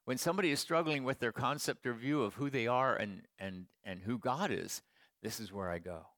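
A middle-aged man preaching a sermon to his congregation, moving between quiet storytelling and emphatic declarations. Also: medium pitch, brisk, dry recording, studio quality. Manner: storytelling, swings from hushed asides to emphatic proclamation. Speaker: pastor.

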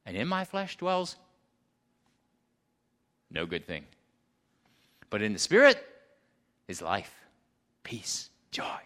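A pastor preaches a sermon emphatically, swinging from loud declarations to hushed asides and asking the congregation questions. His voice sits low.

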